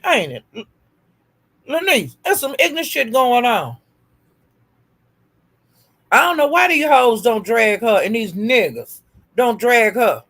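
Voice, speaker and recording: A woman's voice: high-pitched, fairly bright tone. A woman hosting a live stream, taunting someone with profane, repetitive insults and calling out to her chat viewers by name. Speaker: livestream host.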